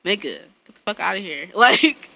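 A woman's voice: mid-range voice, very animated, normal speed, creaky, bright, forceful tone. A woman in casual chat, telling blunt, profane stories about her son and laughing often as she acts out quotes. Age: adult, parent of a young son.

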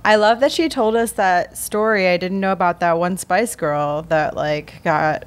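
A woman co-hosting a podcast in casual conversation. Her voice sits on the lower side, and she mostly adds short, encouraging replies. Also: a little slow, clear, resonant tone. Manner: supportive, short agreeing replies. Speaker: podcast co-host.

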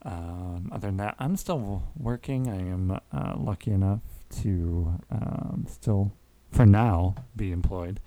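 A man's voice: deep voice, takes it slowly, few pauses, dark tone. A man co-hosting a podcast in casual chat, dry and rambling with many fillers. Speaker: podcast co-host.

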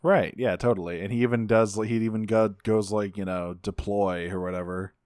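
A man's voice: on the low side, fairly even intonation, a little fast, darkish tone, dry recording, studio quality. A man co-hosting a podcast, casually recapping a cartoon episode and acting out quotes with a laugh. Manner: laughs often, acts out quotes. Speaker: podcast co-host.

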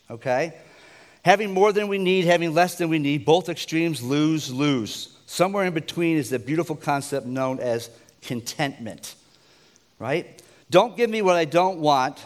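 A man from the United States preaching an informal sermon, conversational and joking, with asides to his listeners. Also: mid-range voice.

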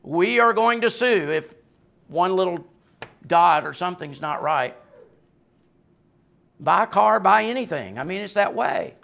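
A man's voice: sits high, lively intonation, a little slow, vocal fry, pauses often, fairly bright tone. A male pastor preaching a sermon with passion and emphasis, often adding a questioning "right?" and laughing lightly between points.

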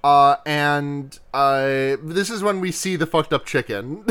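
A man's voice: on the high side, slow pace, fairly bright tone, smooth. A man in casual podcast chat, rambling through a movie plot, laughing and acting out the characters' lines. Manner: rambling, laughing, acts out quotes.

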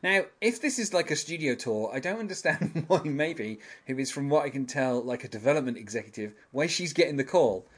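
A man's voice: mid-range voice, animated, fairly quick, few pauses, slightly rough. Rambling, chuckling male podcast host. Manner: rambling, chuckles often, many fillers. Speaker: podcast host recapping a TV episode. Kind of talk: casual chat.

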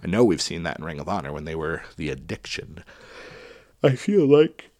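A man's voice: very deep voice, fast. A man casually talking through his picks for a wrestling tournament, chatty and thinking aloud as he goes. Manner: chatty, thinking aloud while picking winners. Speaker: wrestling podcast host. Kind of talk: casual solo commentary.

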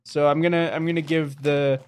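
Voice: mid-range voice, level tone, fairly quick, a little mellow. A talkative podcast co-host sampling snacks with a friend. The delivery is loose and agreeable, full of fillers and easy laughter. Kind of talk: casual snack-tasting chat.

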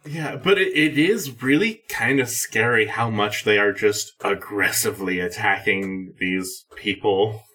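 A man with a bright, tense voice speaks slowly in a casual podcast chat. He recaps the episode with dry, wry remarks. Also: on the low side.

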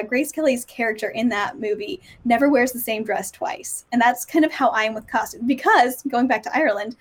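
A woman in her thirties, a guest author, chatting casually and acting out the voices of people in her stories, often laughing. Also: a little high. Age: 30s. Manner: chatty, giggly, acts out quoted voices. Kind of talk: casual podcast chat.

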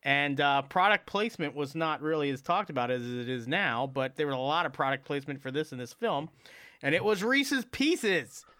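A man's voice: medium pitch, brisk, hardly any pauses, sharp tone, smooth, no echo. A man chatting casually, telling rambling stories with mock outrage. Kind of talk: casual chat.

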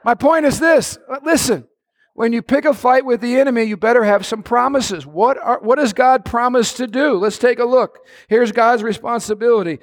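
High-voiced, animated male pastor preaching. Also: brisk. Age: middle-aged. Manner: animated, swings between shouts and hushed asides. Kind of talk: sermon.

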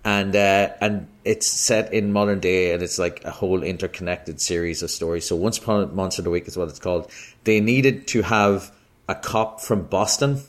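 Irish man with a lowish voice, a self-deprecating podcast guest who laughs easily. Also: fairly even intonation, normal speed. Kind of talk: casual podcast chat.

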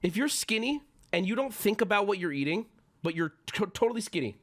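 A man in his thirties ranting to his stream chat, exasperated and loud, mocking people in whiny voices. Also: sits high, sing-song, a little fast.

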